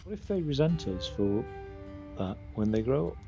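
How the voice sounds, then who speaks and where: A man's voice: mid-range voice, big pitch swings, moderate pace, vocal fry, dull audio, over music. A man streaming a game live, reading the characters' lines aloud and commenting between them.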